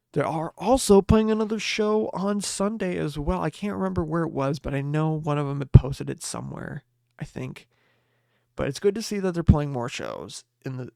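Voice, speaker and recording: A man's voice: on the high side, gravelly, darkish tone, no echo, studio quality. A man hosting a late-night podcast, chatting in a rambling, upbeat way full of fillers and restarts. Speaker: podcast host.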